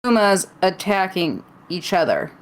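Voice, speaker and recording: A woman's voice: fairly low pitch, very animated, measured pace, rough recording. Female podcast co-host, casual recap voice, teasing and dogged. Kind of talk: casual chat and match recap.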